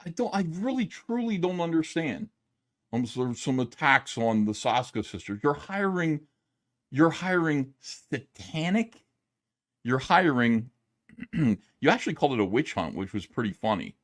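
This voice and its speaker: Guy yelling at his screen from home, fairly high voice, swings up and down a lot, swears a bunch. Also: sing-song, a little slow. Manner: loud, exasperated, profane yelling. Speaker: streamer reacting to videos. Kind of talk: angry commentary rant. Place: home, downstairs.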